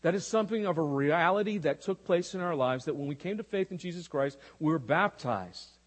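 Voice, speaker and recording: A man's voice: on the high side, expressive, brisk, big-room sound. A man preaching a sermon as pastor, praying and then teaching with rhetorical questions.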